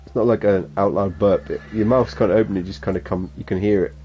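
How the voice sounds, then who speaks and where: A man's voice: low voice, fairly even intonation, fast talker, lo-fi sound, soft background music. A man with a Suffolk accent chatting casually and rambling as he streams a game, chuckling to himself. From England. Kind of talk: casual gameplay chat.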